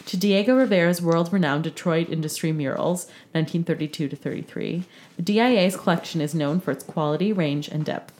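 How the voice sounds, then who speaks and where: A woman co-hosting a radio show, reading a formal sponsor announcement in a steady voice. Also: on the low side. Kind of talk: scripted announcement read.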